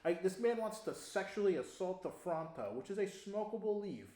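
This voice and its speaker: Animated young man telling a story. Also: high voice, moderate pace. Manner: animated, laughs often, swears casually. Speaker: podcast co-host. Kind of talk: casual storytelling chat. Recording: echoey room.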